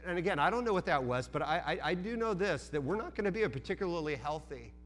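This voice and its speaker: A man's voice: a little high, lively intonation, quick pace, fairly bright tone, faint music behind. A man preaching a sermon as pastor, earnest, with frequent restarts and repeated words.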